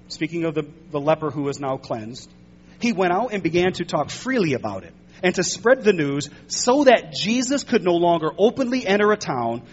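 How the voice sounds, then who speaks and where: A man with a high voice preaches a sermon, leaning hard into key words and slowing down to stress them. The sound is a little dull, with a faint hum under it. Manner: emphatic preaching, swelling louder and slowing for stress. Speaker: pastor.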